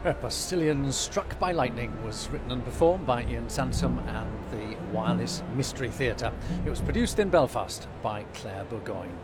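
Radio guy hosting a live classic concert, smooth and informative, music in the background. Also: medium pitch, animated, normal speed. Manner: polished, informative. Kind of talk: live broadcast announcing. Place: concert hall.

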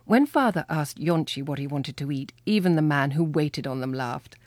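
A woman reading a children's storybook aloud with lively, expressive storytelling. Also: deep voice, normal speed, dry recording. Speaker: reader. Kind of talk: storybook read-aloud narration.

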